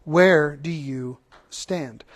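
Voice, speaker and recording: A man with a notably high voice delivers a sermon in the manner of a passionate preacher. He presses his listeners with rhetorical questions, then drops into earnest, conversational asides full of restarts. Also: drawn-out words. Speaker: pastor.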